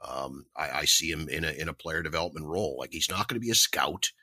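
Very deep, husky co-host. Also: male voice, fast, sharp tone, dry recording. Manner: frank, plainspoken opinions. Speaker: podcast co-host. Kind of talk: casual sports talk.

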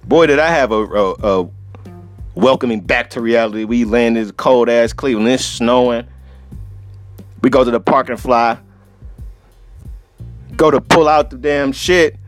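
A man's voice: medium pitch, a little slow, pauses often, soft background music. A man hosting a solo podcast, telling a travel story in a profane, laughing, casual way. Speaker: podcast host.

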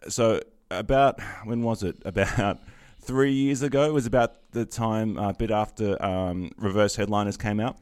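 A man's voice: fairly low pitch, moderate pace, few pauses, a little mellow, smooth, dry recording. A man hosting a podcast, telling a story in casual chat, full of ums, restarts and small laughs. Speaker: podcast host.

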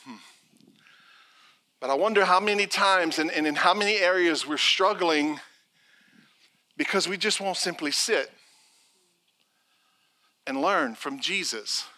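A man's voice: high-pitched, a little slow, pauses often. A middle-aged man preaching a sermon as pastor, telling stories and acting out the people in them. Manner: animated storytelling preacher, acts out quotes.

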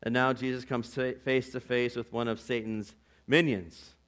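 A man preaching a sermon as pastor, earnest and conversational, swinging from loud declarations to hushed asides. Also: medium pitch, flat delivery, moderate pace. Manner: earnest and conversational, with "like" and "you know".

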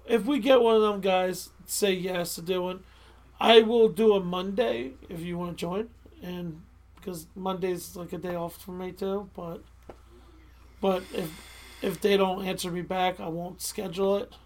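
Co-hosting a podcast, a woman with a Delco accent from Delaware County, Pennsylvania, chats casually, rambling, restarting her sentences, interrupting herself, and apologizing often. Her voice is on the low side and a little mellow, with fairly even intonation and a measured pace. There's a little hiss or hum in the audio.

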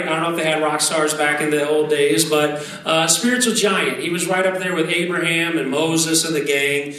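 A male pastor in his thirties preaches in a conversational, animated way, throwing in asides and doubling words as he goes. His voice sits a bit high and comes from a distance across a very echoey sanctuary, with a faint hum of room ambience behind him. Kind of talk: sermon with prayer. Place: church sanctuary.

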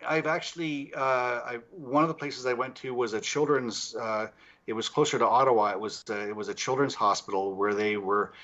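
A man's voice: mid-range voice, moderate pace, lo-fi sound. A middle-aged man, a paranormal investigator, telling stories in casual chat and acting out the people in them. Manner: animated anecdotes with acted quotes, laughs often. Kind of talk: casual storytelling.

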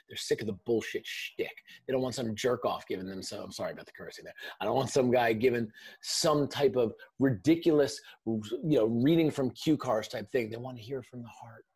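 A man's voice: lowish voice, vocal fry, slightly rough. A middle-aged man, a podcast guest, telling a blunt, intense personal story in casual speech with some swearing. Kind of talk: emotional storytelling.

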